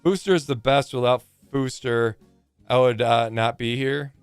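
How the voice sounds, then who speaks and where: A man's voice: mid-range voice, fairly even intonation, unhurried, clean tone, no echo, soft background music. A man in his forties chatting casually on a live game stream, rambling and joking with plenty of swearing.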